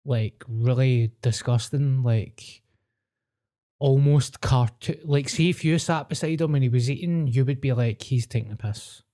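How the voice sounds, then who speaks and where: A man's voice: medium pitch, fairly even intonation, measured pace, warm tone. A young man talking bluntly and mockingly in casual, sweary podcast chat.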